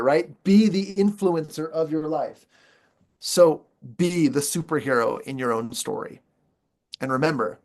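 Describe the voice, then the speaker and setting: A man coaching his viewers through a motivational training session, his voice sitting a little higher than most men's. He keeps it playful and jokey, and he leans on dramatic pauses to drive each point home. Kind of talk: motivational training talk to camera.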